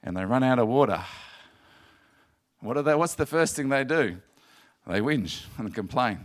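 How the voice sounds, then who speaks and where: A man's voice: medium pitch, animated, normal speed. A man preaching a sermon in an earnest, repetitive way, rising to emphatic passages.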